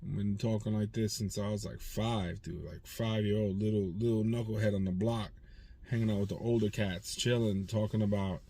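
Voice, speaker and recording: A man's voice: lowish voice, steady tone, brisk, dark tone, no echo. 40s guy, car dealer vlogging, swears a lot, street talk, rambles, dry sound. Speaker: independent used car dealer and channel host. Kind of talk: casual vlog monologue.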